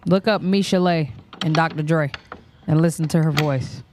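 A woman's voice: deep voice, normal speed, darkish tone, slight background noise. A woman hosting a reaction stream, giving candid, slangy, outspoken commentary in a casual way. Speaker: reaction channel host.

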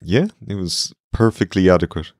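Deep, deadpan Irish man. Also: normal speed, dry recording. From Ireland. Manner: dry, deadpan. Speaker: podcast co-host. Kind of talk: casual wrestling chat.

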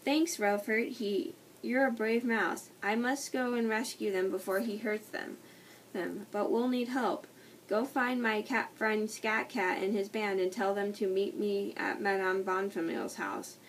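A woman's voice: medium pitch, fairly even intonation, unhurried, natural voice. A woman voicing a bold, loyal male alley cat who talks in an urgent, commanding way. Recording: distant mic with faint noise.

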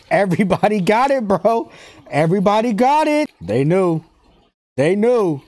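Excitable high-voiced man reacting. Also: a little slow, no room sound. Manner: excitable, slangy, laughs often, repeats himself. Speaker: anime reaction channel host. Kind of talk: casual reaction commentary.

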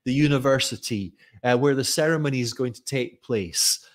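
A middle-aged Scottish man telling a personal story in a chatty, self-correcting way during a live stream, pausing to read viewer comments. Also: mid-range voice. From Scotland. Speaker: teacher trainer.

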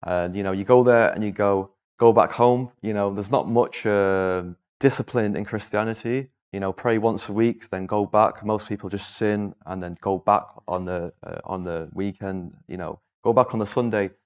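A young man from northwest England, telling his life story as an interview guest in a candid, halting way. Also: on the low side. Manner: candid, repetitive, halting restarts. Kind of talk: personal testimony interview.

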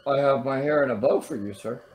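A man's voice: medium pitch, slight background noise, lightly acted. A man playing a dopey, telepathic sea-hero persona in a cracking voice, earnest and silly as a co-host. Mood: goofy. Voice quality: cracking, like a voice that is breaking. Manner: earnest, dreamy and deliberately silly. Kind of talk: goofy comic persona in a reaction video.

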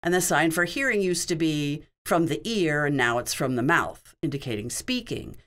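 A woman interpreter voices a signed question-and-answer session in a low-pitched voice. Her intonation rises and falls a great deal. She keeps it conversational and explanatory, speaking in short phrases. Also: lively intonation, normal speed, fairly bright tone. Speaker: sign language interpreter.

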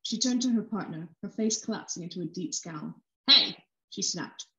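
A woman author reading a passage of her novel aloud with steady, expressive narration. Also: lowish voice, brisk. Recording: roomy echo.

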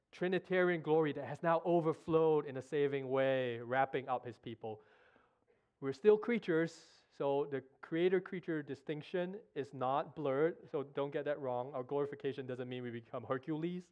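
A man preaching a sermon in a church, earnest and emotional, halting with restarts as he speaks. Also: medium pitch, darkish tone. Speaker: guest preacher. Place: church sanctuary.

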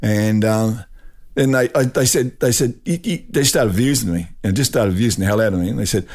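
A man's voice: lowish voice, brisk, darkish tone. An older man with an Australian accent, a guest telling rambling anecdotes in casual conversation, with laughs and restarts. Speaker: guest, drag racing champion. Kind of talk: casual storytelling.

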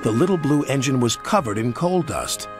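A man narrating a storybook tale in an expressive, lively storytelling manner. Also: medium pitch, moderate pace. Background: music.

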